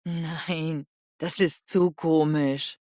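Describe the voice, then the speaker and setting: A woman voicing a slow, low app character. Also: fairly even intonation, a little mellow. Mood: plain. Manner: slow, clearly spoken app sentences.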